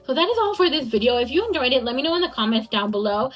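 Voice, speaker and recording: A woman's voice: high-pitched, big pitch swings, racing, soft background music, poor audio. A young woman talking through a book review in a casual vlog, chatty and full of "like" and "um". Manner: chatty, many fillers like "like" and "um".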